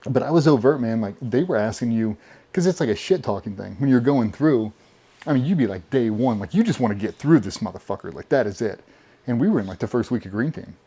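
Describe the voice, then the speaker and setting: A man being interviewed, telling animated stories casually with plenty of swearing. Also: medium pitch, quick pace, slightly rough. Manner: profane, animated storyteller. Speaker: podcast guest.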